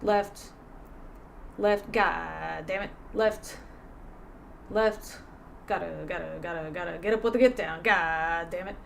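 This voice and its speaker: A woman voicing a gruff male army sergeant who barks repetitive orders and curses. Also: on the low side, slow pace, pauses often, a little hiss or hum. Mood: barking. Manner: clipped barked repetition, cursing.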